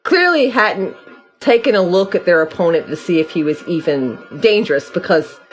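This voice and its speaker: A woman's voice: lowish voice, expressive, moderate pace. A woman hosting a casual podcast chat, laughing and prompting her guest with questions. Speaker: podcast host. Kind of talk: casual conversation.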